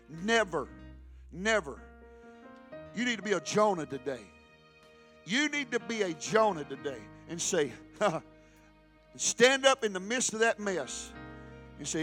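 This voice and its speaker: A man pastor preaching a fiery sermon, often shouting and calling out to the congregation. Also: sits high, expressive, moderate pace, long pauses, faint music behind. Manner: shouting, preaching with rising intensity and call-and-response.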